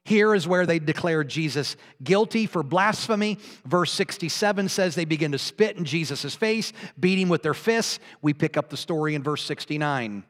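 A man preaching a sermon, earnestly retelling a story and swinging from soft to emphatic. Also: fairly high pitch, animated, moderate pace, few pauses, big-room sound.

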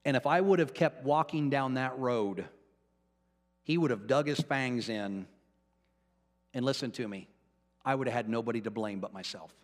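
A male pastor preaching a sermon, telling a personal story and swinging from hushed to fervent. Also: medium pitch, normal speed, pauses often, big-room sound. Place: church.

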